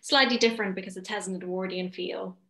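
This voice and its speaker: Casting: German-born woman guest, bright and crisp, giggly, roomy video-call echo. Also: medium pitch, steady tone, fast. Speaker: guest knitter. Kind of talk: casual video chat.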